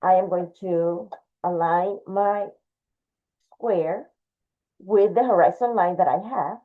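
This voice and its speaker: Woman art teacher, walks through the drawing step by step, thin phone-like sound. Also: mid-range voice. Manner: patient, explains step by step, talks while drawing. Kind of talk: drawing lesson, demonstrating. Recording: tinny phone-like audio.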